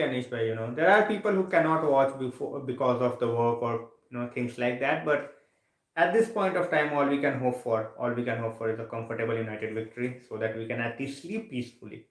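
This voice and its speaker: A man's voice: medium pitch, roomy sound, poor audio. Sleepy man chatting on a live stream. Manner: relaxed, repeats phrases, many fillers. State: sleepy, yawning. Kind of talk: casual live stream chat. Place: home room, late at night.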